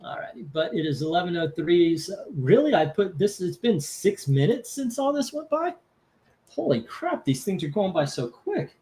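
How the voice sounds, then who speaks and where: A man's voice: high-pitched, very animated, moderate pace, dark tone. A man hosting a live comic book auction, chatting casually with rambling asides, casual swearing and laughter. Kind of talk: casual live-stream chat.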